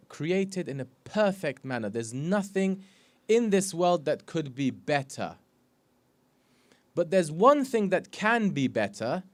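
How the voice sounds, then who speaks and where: A man, a sheikh, giving an earnest sermon full of rhetorical questions. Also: a little high. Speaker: sheikh giving a religious talk. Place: mosque or community hall.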